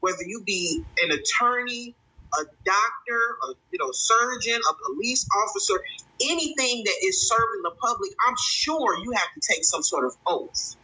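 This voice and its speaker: A woman hosting a stream and commenting on a viral clip, indignant and halting, with many fillers. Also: medium pitch, lively intonation, pushed and bright, poor audio. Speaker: stream host.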